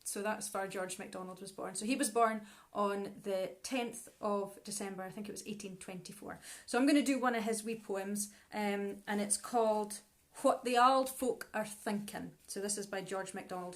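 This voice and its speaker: A woman's voice: medium pitch, normal speed. A Scottish woman co-hosting a live stream in a casual, chatty way, mixing in Scots words. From Scotland. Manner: chatty, easy laughs, drops into Scots words. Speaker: co-host, musician.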